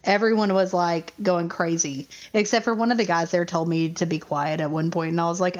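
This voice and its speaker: A woman co-hosting a podcast in casual chat, excitable and quick to rant and laugh. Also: fairly low pitch. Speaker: podcast co-host. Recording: muffled lo-fi recording.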